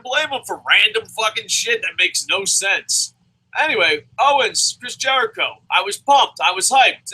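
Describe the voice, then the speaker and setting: Foul-mouthed ranting man, bright tone. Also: high voice, lively intonation, moderate pace, husky, low-quality recording. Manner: sarcastic, swears constantly, shouts mock voices. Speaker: wrestling show reviewer. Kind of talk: profane comedic rant.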